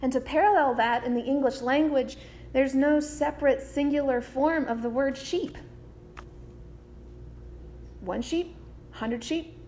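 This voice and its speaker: Woman preaching a sermon, high voice, slow and deliberate, faint hiss behind. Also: a little mellow. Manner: measured, deliberate phrasing with repetition.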